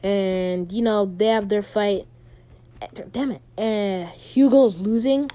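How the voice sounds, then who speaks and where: Mellow-voiced woman rambling through a story. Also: mid-range voice. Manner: rambling, halting, full of ums and restarts. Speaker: fan storyteller. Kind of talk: casual retelling of a fan story.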